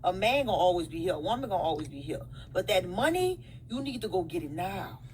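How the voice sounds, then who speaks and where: A woman's voice: fairly low pitch, sing-song, fast, a little hiss or hum, low-quality recording. A woman with a New Orleans accent, lecturing the camera in numbered points, bluntly, calling the listener "baby" and swearing. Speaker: social media poster.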